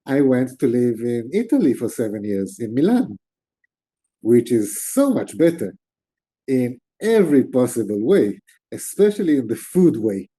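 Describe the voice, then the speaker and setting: A man with a very dark, mellow voice tells a long story to an interviewer. He is middle-aged and talks with his hands, animated and expressive. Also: medium pitch, unhurried, husky. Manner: animated, gestures with hands while talking. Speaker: interview guest. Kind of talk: storytelling in conversation.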